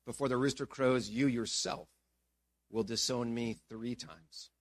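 A man voicing a solemn male teacher who speaks slowly, in a hushed and grave way. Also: medium pitch, fairly even intonation, no room sound, pitched below the performer's own voice.

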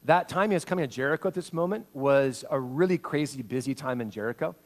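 A male pastor with a medium-pitched voice preaches a sermon at a quick pace. He swings between loud, acted-out quotes and hushed, intimate passages.

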